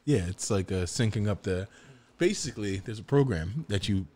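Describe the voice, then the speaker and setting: A man's voice: lowish voice, animated, normal speed, dark tone. A man co-hosting a podcast, trading wisecracks and explaining things plainly in casual chat. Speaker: podcast co-host.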